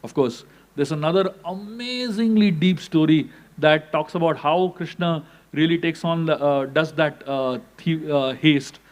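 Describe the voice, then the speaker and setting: A man tells sacred stories in a scripture class. His delivery is animated and he acts out the dialogue. His voice sits a little higher than most men's. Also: a little slow. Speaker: spiritual teacher.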